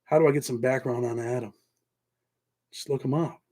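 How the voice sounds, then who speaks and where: This host is a middle-aged man from New York whose American accent carries a Southern tinge. He speaks at a moderate pace with a medium pitch and fairly even, mellow intonation while loosely chatting on his casual livestream and thanking viewers by name.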